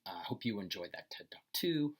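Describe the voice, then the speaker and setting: A male college instructor giving recorded commentary on an assignment, speaking slowly and enunciating each phrase with care. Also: lowish voice, big pitch swings, slightly rough. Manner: slow, deliberate, enunciating phrases.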